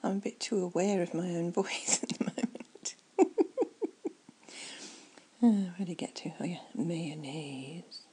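Breathy whispering woman. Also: fairly low pitch, measured pace, long pauses, poor audio. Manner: soft, rambling, musing aloud. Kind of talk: whispered ASMR chat.

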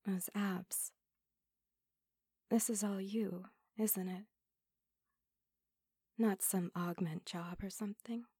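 A woman's voice: medium pitch, mellow, no room sound, studio quality. A woman voicing a teasing android in whispered role-play. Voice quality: breathy whisper. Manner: teasing, playful, slow and intimate. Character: flirtatious teasing female android, new to feelings.

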